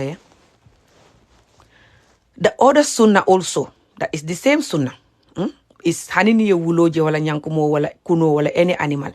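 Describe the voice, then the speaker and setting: A woman in an impassioned vlog rant, emphatic and repetitive, switching between English and Mandinka. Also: fairly low pitch. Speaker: social media commentator.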